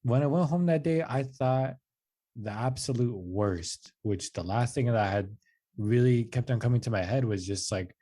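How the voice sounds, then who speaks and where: Here a man in his twenties with a medium-pitched voice talks at a moderate pace. He's a podcast guest recounting a personal story casually, peppering it with "like" and "dude" and acting out the quoted lines in a raised, animated voice.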